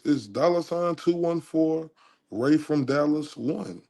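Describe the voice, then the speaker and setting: Gravelly slow-talking man. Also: fairly high pitch, warm tone. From Texas. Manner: laughs at himself, breaks into singing. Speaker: livestream host. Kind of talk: casual livestream chat.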